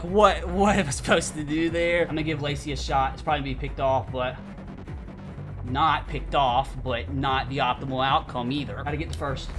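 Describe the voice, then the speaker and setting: A young man with a fairly high voice runs a gaming channel and gives excited commentary on his gameplay. He swings between loud outbursts and frustrated muttering, calling his viewers "fellas."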